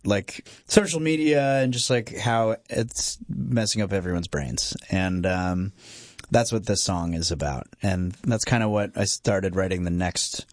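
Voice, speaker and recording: A man's voice: sits low, a little slow, no room sound, clean studio sound. A man being interviewed on radio about his band, chatty and rambling with lots of fillers and laughs. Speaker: band frontman guest.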